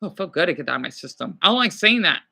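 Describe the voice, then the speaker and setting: High, sharp-voiced rambling male streamer. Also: very animated, very fast, gravelly. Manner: rambling, swearing, apologetic. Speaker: livestreamer. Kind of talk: casual livestream chat, reading viewer comments.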